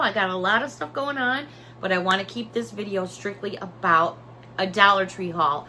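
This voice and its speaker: A woman's voice: medium pitch, moderate pace, pushed and bright. A woman chatting through a shopping haul video, talkative and emotional, bubbling over about each item. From Hudson Valley region of New York. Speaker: haul vlogger. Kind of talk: casual haul vlog chat.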